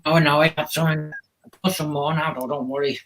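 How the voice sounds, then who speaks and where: A man's voice: on the high side, level tone, moderate pace, a loud crowd, low-quality recording. A man, hosting a casual chat, friendly and rambling with many ums. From Liverpool. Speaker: live stream host.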